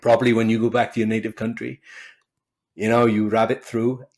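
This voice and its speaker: A man with a softened Welsh accent and a lowish voice talks as a guest on a podcast. He coaches speakers and tells his stories with animated, expressive turns, voicing little quotes along the way. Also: brisk. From Wales. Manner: animated, expressive storyteller who acts out quotes. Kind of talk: conversational interview.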